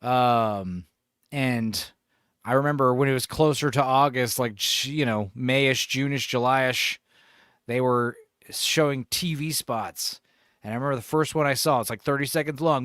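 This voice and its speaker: A man in his forties hosting a podcast in casual chat, laughing, swearing and doing animated impressions. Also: medium pitch, unhurried, smooth, no echo, clean studio sound. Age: 40s. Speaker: podcast host.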